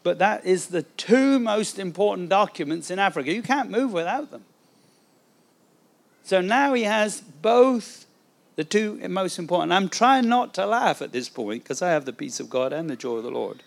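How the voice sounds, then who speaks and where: A man, an evangelist, telling a testimony story in a sermon, animated and acting out the dialogue. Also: high voice, normal speed, gravelly.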